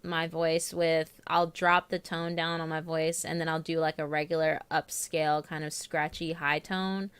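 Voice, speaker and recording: A woman's voice: deep voice, level tone, normal speed, few pauses, a bit bright, smooth, dry recording. A woman hosting a live stream, chatting casually and greeting viewers by name. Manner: chatty, reads out viewer names. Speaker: streamer host.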